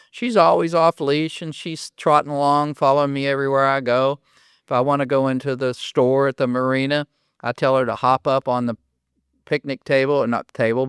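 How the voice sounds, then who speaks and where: An older man from Oklahoma hosts a podcast in a relaxed, folksy storytelling way, acting out dialogue as he goes. His voice is smooth and resonant, with a mid-range pitch. The sound is close and dry. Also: dry recording. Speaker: podcast host and dog trainer. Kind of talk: casual podcast monologue with stories.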